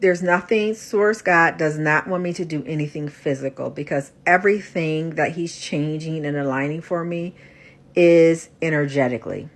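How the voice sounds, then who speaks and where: Tired low-voiced woman vlogging from bed. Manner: soft, rambling, halting with restarts. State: tired and exhausted; stuffy with a runny nose. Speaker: spiritual coach and psychic reader. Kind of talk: casual confessional vlog. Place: in bed at home.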